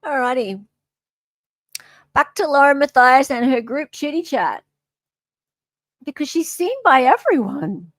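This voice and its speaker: A woman's voice: sits high, expressive, unhurried, pauses often, fairly bright tone, no echo, studio quality. An Australian woman hosting a casual livestream, chatting and reading viewer comments aloud. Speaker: livestream host.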